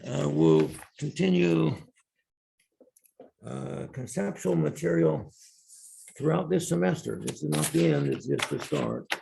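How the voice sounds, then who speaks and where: Gravelly-voiced male professor lecturing. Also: fairly high pitch, a little slow, pauses often, dark tone, a little hiss or hum. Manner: explains step by step, repeating key terms. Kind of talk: university lecture. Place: classroom.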